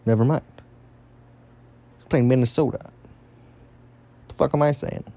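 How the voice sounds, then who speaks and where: A young man giving casual solo fantasy football commentary, excitable and rambling, swearing often. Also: medium pitch, unhurried.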